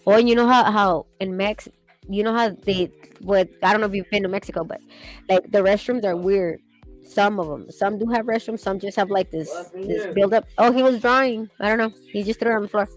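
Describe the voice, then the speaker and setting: A woman's voice: medium pitch, steady tone, brisk, low-quality recording. Young woman rambling while she sketches, laughs a lot, cusses casually, faint music behind her.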